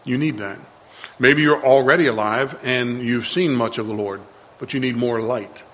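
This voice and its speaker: A man's voice: medium pitch, moderate pace, fairly bright tone, muffled recording. A man preaching a sermon to a congregation in an earnest, conversational way, often repeating himself.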